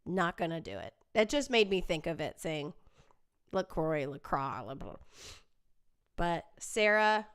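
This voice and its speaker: Unhurried, smooth-voiced woman chatting on a live stream. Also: fairly low pitch, expressive, fairly bright tone. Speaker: livestream host reading viewer comments; singer. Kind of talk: casual live-stream chat.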